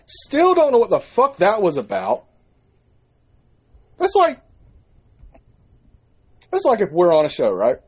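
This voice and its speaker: A man telling a story in a casual chat, profane and animated as he recounts it. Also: on the high side, muffled recording. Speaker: podcast co-host.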